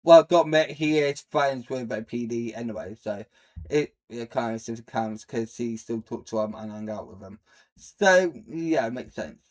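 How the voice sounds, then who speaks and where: A young man giving casual, rambling reaction commentary, blunt and jumping between loud outbursts and low mutters. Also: a little slow. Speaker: streamer reacting to a video.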